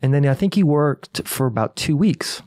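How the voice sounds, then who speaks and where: A man's voice: fairly high pitch, normal speed, no echo. Young podcast guy telling a story, does all the voices, swears a lot, dry close sound. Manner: animated storyteller acting out quotes, swears freely. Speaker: podcast co-host. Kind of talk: casual chat, storytelling.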